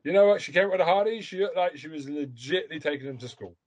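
A man's voice: a little high, expressive, fast talker, highs cut off. A man hosting a podcast, talking bluntly and provocatively in crude casual chat. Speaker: podcast host.

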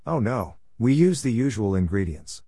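A man's voice: lowish voice, big pitch swings, normal speed, warm tone, slightly rough, no echo, studio quality, exaggerated voice. A man reading a kindly practical grandma. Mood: friendly. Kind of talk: scripted narration.

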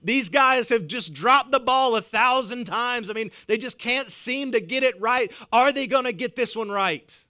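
A man with a Southern US accent preaching a sermon, his voice pitched high and ringing clear. He leans hard on his points, repeating words for emphasis, with little chuckles in between. His tone is bright and forward. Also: moderate pace, hardly any pauses. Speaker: pastor. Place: church.

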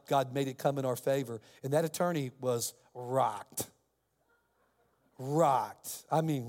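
A man preaching as a pastor, telling a story in an animated way and acting out the other people's voices. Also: high voice, long reverb tail. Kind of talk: sermon storytelling.

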